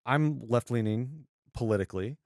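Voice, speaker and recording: A man's voice: mid-range voice, normal speed, darkish tone, no echo, studio quality. A man in his thirties co-hosting a podcast, defending a film in casual chat with hesitant, meandering phrasing. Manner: hesitant, with fillers and restarts. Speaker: podcast co-host. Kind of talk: casual movie review chat.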